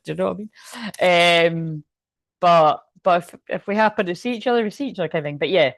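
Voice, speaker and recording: Scottish woman doing a casual tarot reading, lowish voice, rambly and sweary, dry sound. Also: fairly quick, no echo. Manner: rambling, chatty, swears freely. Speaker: tarot card reader. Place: room at home.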